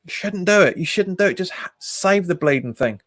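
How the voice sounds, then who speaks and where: On his fan channel, this man hosts a live football watch-along, reacting to the game, reading out and responding to viewer comments, with frequent laughter. He speaks fairly quickly in a high, expressive, slightly bright voice. The sound is dry and clean, like a studio.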